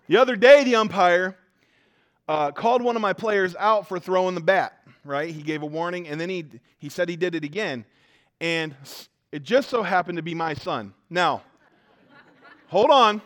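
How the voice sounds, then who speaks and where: A man preaching a sermon, telling self-mocking stories with lively jumps between loud and quiet. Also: sits high, measured pace, pauses often. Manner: joking, self-mocking storytelling; animated, swings from loud to quiet. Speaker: pastor.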